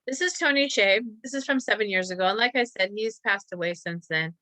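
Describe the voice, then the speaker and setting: A woman's voice: mid-range voice, lively intonation, brisk, pushed and bright, no room sound. A woman teacher reading practice sentences aloud and calling out each comma, with chatty asides. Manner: chatty asides about a company.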